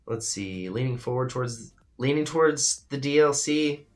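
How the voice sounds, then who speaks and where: With faint music in the background, a livestream radio host talks at normal speed in a mid-range voice. He keeps it casual, reading viewers' comments and tossing out loose opinions with plenty of swearing.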